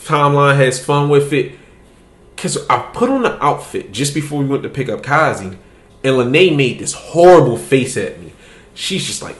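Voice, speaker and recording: A man's voice: medium pitch, lively intonation, moderate pace, reverberant. A man hosting a podcast, telling a story in casual, profane chat and laughing as he goes. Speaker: podcast host.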